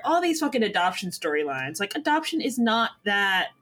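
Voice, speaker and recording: A woman's voice: mid-range voice, sing-song, moderate pace, hardly any pauses, a bit bright. A woman co-hosting a podcast in casual chat, emphatic and swearing freely while recapping a show. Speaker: podcast co-host.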